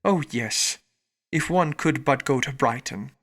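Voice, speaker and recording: A man's voice: medium pitch, a little slow, a bit bright. A male narrator voicing a sulky teenage girl who complains in a whiny tone. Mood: peevish.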